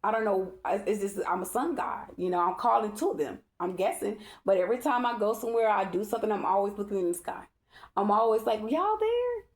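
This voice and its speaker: A woman's voice: mid-range voice, fast talker. A woman, a spiritual reader, telling a rambling, emphatic story to her followers and often checking in with "okay?". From Dallas-Fort Worth area, Texas. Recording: echoey room.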